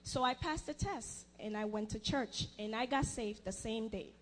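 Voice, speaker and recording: Earnest high-voiced young woman testifying. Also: a little hiss or hum. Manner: earnest, halting, with restarts. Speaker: church member giving testimony. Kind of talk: personal testimony in church. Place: church.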